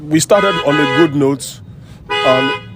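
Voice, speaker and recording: A man, a guest on a talk show, telling his personal story in an emotional, halting way and repeating himself. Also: fairly high pitch, over music.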